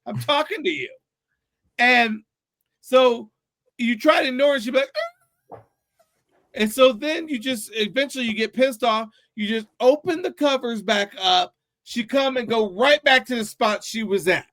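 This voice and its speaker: High-voiced man hosting a loose chat. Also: moderate pace, dry recording, studio quality. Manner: animated storyteller, swears freely. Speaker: podcast host. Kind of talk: casual chat.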